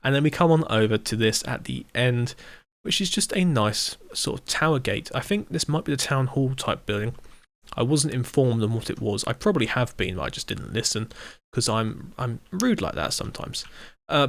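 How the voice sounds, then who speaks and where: A man narrates a tour of a game server in a relaxed, chatty commentary voice. His mid-range voice has a gravelly edge. He is quick to gush over what he sees and often pokes fun at himself. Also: mid-range voice. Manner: chatty, self-deprecating, easily delighted. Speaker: server host giving a build tour. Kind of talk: casual gameplay commentary.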